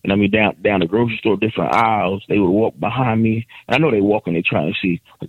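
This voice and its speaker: A man chatting casually as a guest, telling stories with lively acted-out quotes of other people. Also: on the low side, quick pace, breathy edge, no room sound, narrow, tinny audio. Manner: animated storyteller acting out other people's lines. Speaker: guest, adoptive father. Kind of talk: casual podcast chat.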